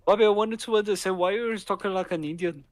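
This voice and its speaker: High-voiced teasing podcast co-host. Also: male voice, fast, no room sound. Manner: teasing, laughs between words. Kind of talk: casual gaming podcast chat.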